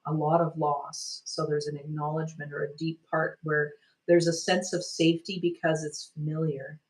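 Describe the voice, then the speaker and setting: A woman energy healer guiding a healing session, speaking gently and soothingly, meandering with many "like"s and "sort of"s. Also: low-pitched, flat delivery, moderate pace, low-quality recording.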